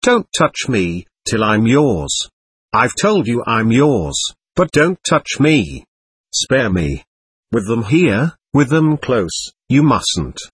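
A man's voice: mid-range voice, big pitch swings, measured pace, fairly bright tone, slightly rough, no echo, full character voice. A man voicing a passionate, impulsive young woman in an audiobook, pleading and emotional. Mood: imploring. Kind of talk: audiobook narration.

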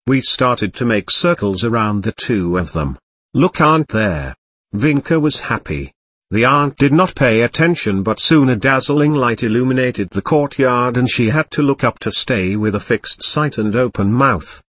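Husky-voiced man reading a story. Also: mid-range voice, lively intonation, moderate pace, a bit bright, no room sound. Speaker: narrator. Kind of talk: first-person storybook reading.

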